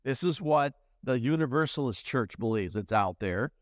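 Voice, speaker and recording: A man's voice: mid-range voice, lively intonation, normal speed, dry recording, studio quality. A middle-aged man, a pastor, preaching a sermon in a church in a plain-spoken way with folksy asides. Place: church sanctuary.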